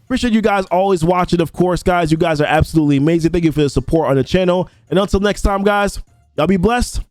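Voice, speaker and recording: A man's voice: sits high, fast talker, dry recording, faint music behind. A man with a Jamaican accent hosting a casual weekly mobile game news roundup. He chats to his viewers, calls them "guys" and uses plenty of fillers. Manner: chatty, filler-heavy, addresses viewers as guys.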